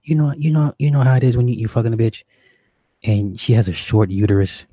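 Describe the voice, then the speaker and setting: A man's voice: medium pitch, a little fast, dark tone, dry recording. A young man doing stand-up, telling a crude story in a profane, exasperated, rambling way. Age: young adult. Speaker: stand-up comedian.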